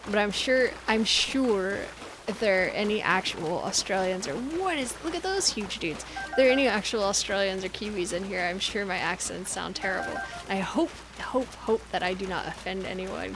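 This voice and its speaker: An American woman chatting casually as she plays a game on a live stream, self-deprecating and quick to giggle. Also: mid-range voice, background noise. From United States. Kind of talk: casual gameplay commentary.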